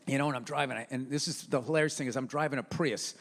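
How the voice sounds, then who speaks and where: A man's voice: mid-range voice, fast talker, a bit bright, long reverb tail. A man doing a stand-up comedy set, telling profane stories in a brash, ranting way. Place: comedy stage before an audience.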